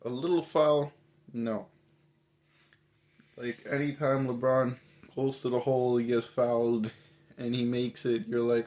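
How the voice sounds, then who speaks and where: Man, mid-pitched, casual and exasperated ranting commentary, emphatic rhetorical questions. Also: steady tone, measured pace, a little mellow. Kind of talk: casual opinion rant.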